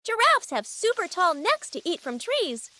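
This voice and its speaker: A woman hosting a children's lesson, reading scripted narration for toddlers in a sing-song voice, naming each word slowly and with exaggeration. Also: extremely high pitch, wildly swooping pitch, pushed and bright, slight background noise. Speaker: children's educational host.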